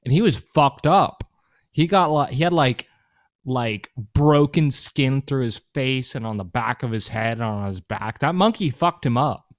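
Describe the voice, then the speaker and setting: A man's voice: medium pitch, animated, a little slow, no room sound, studio quality. A man co-hosting a podcast, chatting casually in a rambling, profane, joking way. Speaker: podcast co-host.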